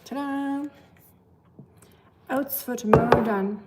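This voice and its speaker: A German woman with a slightly high voice speaks slowly over heavy background noise during a casual live stream. Chatty, she reads viewer comments aloud and leans heavily on the word "like."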